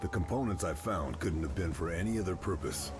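An actor playing a grim, terse wartime sniper agent in a video game, speaking in clipped, matter-of-fact lines. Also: male voice, sits low, expressive, brisk, music in the background. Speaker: game protagonist.

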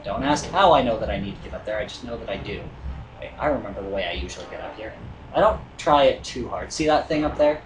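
A man hosts a let's play, commenting casually and rambling hesitantly with many fillers. His lowish voice is animated and fast, recorded in an echoey room with game music and slight background noise.

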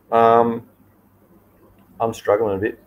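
A man's voice: lowish voice, lo-fi sound. A man with an Australian accent hosting a casual live stream, talking through viewer questions in a chatty, easygoing and rambling way. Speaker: livestream host.

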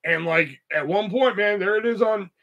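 A man's voice: high voice, moderate pace, fairly bright tone, lo-fi sound. A young man hosting a podcast, telling a story in a loose, profane, rambling way full of fillers. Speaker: podcast host. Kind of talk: casual storytelling.

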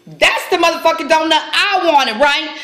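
Brash high-voiced woman ranting. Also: normal speed. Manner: brash, loud, animated storytelling. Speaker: vlogger. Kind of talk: profane comic rant to camera. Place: at home, indoors. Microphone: phone camera on tripod.

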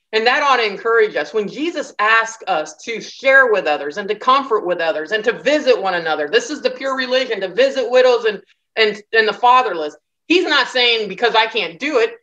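A woman's voice: on the high side, bright, forceful tone, dull audio. Woman teaching a casual Bible lesson. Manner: conversational, acts out quoted voices. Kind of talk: lecture on scripture.

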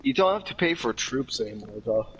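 A young man, slightly hoarse, rambling casually with lots of fillers while playing a game. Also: mid-range voice, lively intonation, brisk, low-quality recording. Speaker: gamer. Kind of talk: casual chat over gameplay. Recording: game gunfire and engine noise behind.

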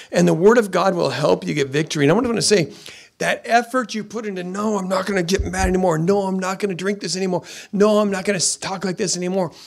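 A man's voice: on the high side, vocal fry. A man preaching a sermon as pastor, emphatic and given to repeating phrases.

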